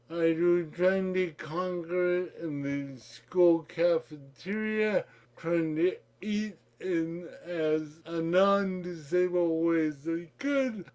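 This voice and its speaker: A middle-aged man telling his own story in slow, effortful speech shaped by cerebral palsy, candid and reflective. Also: high-pitched, a little mellow. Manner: candid, reflective, breaks into laughter. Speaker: podcast guest. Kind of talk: personal storytelling.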